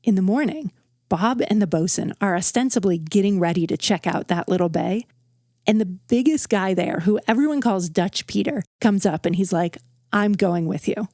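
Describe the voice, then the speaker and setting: A woman's voice: mid-range voice, lively intonation, normal speed, mellow, no room sound, studio quality. Woman telling a campfire true story. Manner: conversational and vivid, with a dramatic build. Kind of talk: casual true-story narration. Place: outdoors around a campfire.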